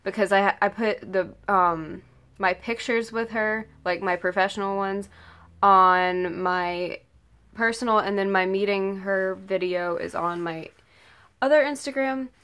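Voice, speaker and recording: A teenage girl tells a casual story in a vlog, gushing and rambling as she goes. She leans on "like" and "oh my god" constantly. Her voice sits at an ordinary middle pitch. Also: measured pace, fairly bright tone, smooth. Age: late teens. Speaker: vlogger.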